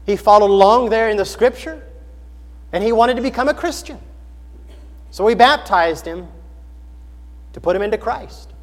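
A man's voice: high voice, moderate pace, long pauses, big-room sound. A man preaching a sermon in an earnest, questioning manner, building emphasis through repetition. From United States.

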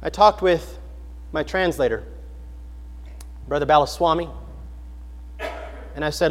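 A man's voice: a little high, a little slow, pauses often, in a large hall. A man preaching a sermon in an earnest, questioning manner, building emphasis through repetition. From United States.

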